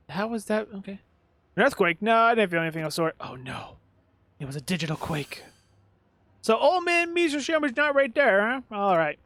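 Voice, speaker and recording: A man's voice: high-pitched, very animated, moderate pace, a bit bright, no room sound. A man giving casual let's-play commentary, sarcastic and muttering at the game. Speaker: gaming video host.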